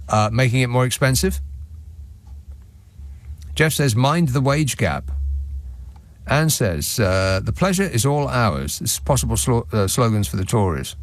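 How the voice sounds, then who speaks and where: A man's voice: medium pitch, animated, measured pace, pauses often, no echo. Sardonic male radio host, dry studio sound. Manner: sardonic, mocking. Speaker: radio talk show host. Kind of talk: radio phone-in, reading listener messages. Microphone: studio microphone.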